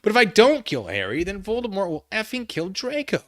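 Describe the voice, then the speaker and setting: A man doing a distraught teenage goth girl, pitched high and loud, her complaints gushing out in an overwrought rush. The voice sounds sharp and bright, with the pitch swinging widely. It is recorded close and dry. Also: huge pitch swings, brisk, no room sound, exaggerated voice. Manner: overwrought, melodramatic.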